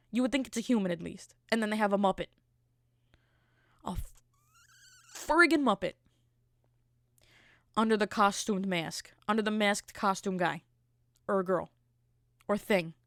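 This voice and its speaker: A woman's voice: medium pitch, expressive, unhurried, pauses often, no echo, studio quality. A woman hosting a podcast, ranting in a casual, comic, exasperated way, full of fillers and restarts. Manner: rambling, exasperated comic rant with many fillers. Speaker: podcast host. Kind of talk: casual comedic chat.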